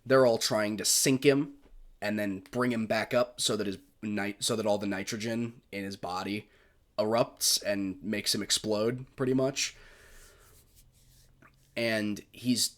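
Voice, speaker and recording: A man's voice: fairly low pitch, steady tone, unhurried, fairly bright tone. A man giving a casual film review monologue, gushing and rambling with frequent swearing.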